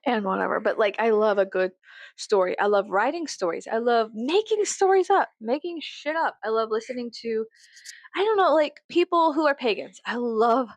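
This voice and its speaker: A woman's voice: a little high, expressive, moderate pace, dry recording. Giggly, profane woman ranting to camera. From South Texas. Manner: profane, giggly, mocking, sarcastic. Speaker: vlogger. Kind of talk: rambling casual monologue.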